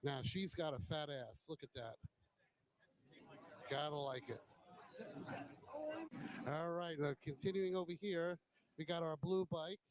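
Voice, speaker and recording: A man's voice: a little high, a little slow, long pauses, rough recording. Chatty man touring a bike show. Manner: chatty, admiring, joking. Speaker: host. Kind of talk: casual walkaround commentary.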